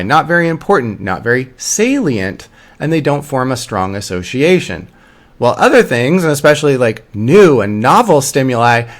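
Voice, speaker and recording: A man's voice: medium pitch, a bit bright. A man lecturing to a university course, explaining step by step, often repeating phrases and checking in with "right?". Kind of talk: recorded lecture.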